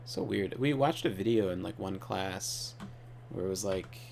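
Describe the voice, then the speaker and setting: A man's voice: deep voice, measured pace, vocal fry, a little mellow, slight background noise. A man hosting a gaming channel, telling rambling, offhand stories while he plays. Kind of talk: casual gaming commentary.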